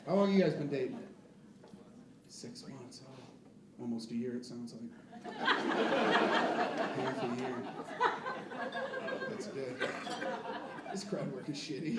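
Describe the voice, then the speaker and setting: A man's voice: fairly high pitch, animated, slow, pauses often, recorded from a distance, very noisy. A man in his twenties doing a crude, self-deprecating stand-up set with rambling asides to the crowd, on a comedy club stage. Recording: echoey club miked from afar, loud crowd.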